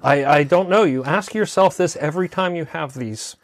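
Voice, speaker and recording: A man co-hosting a podcast, his voice fairly high and his pace moderate. He chats casually, easygoing and hesitant, with plenty of fillers.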